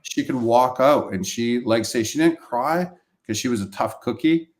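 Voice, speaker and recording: On a live webcast over video call, a male chiropractor who also coaches practices recounts heartfelt stories about patients, animated and emotional, repeating points and voicing the people he quotes. His voice is medium in pitch and moves at a normal speed.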